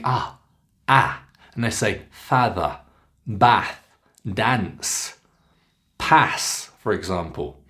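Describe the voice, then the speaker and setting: Slow, deliberate British pronunciation coach. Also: male voice, lowish voice. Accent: Southern British English. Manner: clear, drawn-out model words with careful emphasis.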